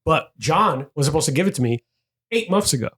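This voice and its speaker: A man's voice: fairly high pitch, fairly quick, slightly rough. A man hosting a podcast, telling rowdy stories in casual chat, swearing freely and acting out quotes. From Dominican heritage. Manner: animated storyteller, swears freely, acts out quotes. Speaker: podcast host.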